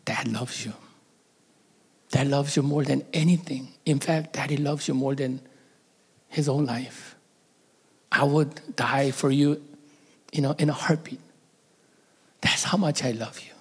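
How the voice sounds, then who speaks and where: A man's voice: mid-range voice, steady tone, measured pace, pauses often, husky. A middle-aged man, a pastor, telling a personal story in a sermon, emotional and at times dropping to a whisper.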